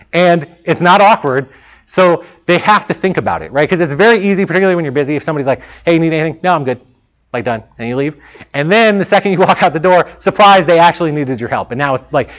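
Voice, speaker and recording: Speaking casually to a room of students, a fairly high-voiced man chats about working in game development. He livens things up by acting out things he once said, though the lo-fi recording sounds somewhat muffled.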